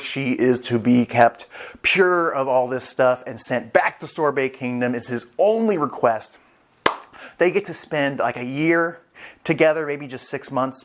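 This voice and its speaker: A man's voice: fairly high pitch, a bit bright. A man hosting a casual, enthusiastic chapter review who rambles and swears freely. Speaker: anime review channel host.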